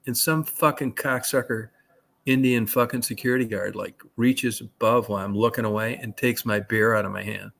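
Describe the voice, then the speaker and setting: A man's voice: mid-range voice, steady tone, normal speed, gravelly, a bit bright. A man telling rambling, profane anecdotes in a casual chat. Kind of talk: casual storytelling.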